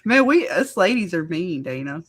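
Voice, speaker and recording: A woman co-hosting a casual live chat, giggly and teasing, with drawn-out exclamations. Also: lowish voice, big pitch swings, slightly rough. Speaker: co-host.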